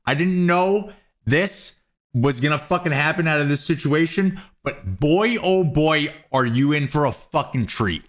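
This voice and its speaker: Profane, excitable young man ranting. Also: fairly high pitch. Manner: profane, excitable, mocking rant. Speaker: YouTube commentator. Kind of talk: ranting commentary vlog.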